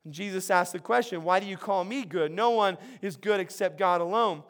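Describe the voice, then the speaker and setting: A man preaching a sermon, animated and conversational, with frequent restarts and acted-out quotes. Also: sits high, fairly quick. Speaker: pastor.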